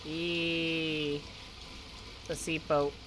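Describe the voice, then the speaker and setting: A woman's voice: low-pitched, extremely slow, low-quality recording. A woman streamer giving casual gameplay commentary, rambling and correcting herself as she goes. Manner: rambling, self-correcting, laughs often. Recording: steady background noise.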